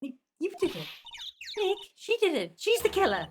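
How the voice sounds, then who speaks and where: A woman doing an excitable, high-pitched young sidekick. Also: normal speed, noisy background, heavily acted. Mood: excited. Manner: excited and pushy.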